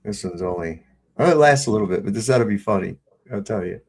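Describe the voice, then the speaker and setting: A middle-aged man hosting a live panel stream, relaxed and chatty as he introduces video clips. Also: on the low side, fast talker. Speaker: host. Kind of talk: casual chat.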